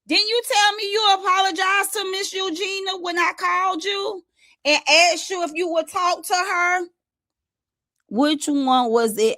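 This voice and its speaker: A woman with a somewhat high voice and a hosts a casual livestream. She retells conversations animatedly, quoting others and addressing her viewers directly. The recording is dry and close, with little room sound. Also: unhurried, no echo. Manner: animated storytelling, retelling quoted exchanges, talks to chat. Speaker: livestream host.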